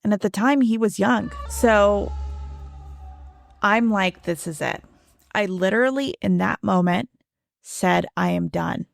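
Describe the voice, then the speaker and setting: Speaking slowly with long pauses, this thirties-aged podcast host tells a personal story casually, sprinkling in "like" and "right?". Her voice is mid-range and gravelly, captured in a dry recording.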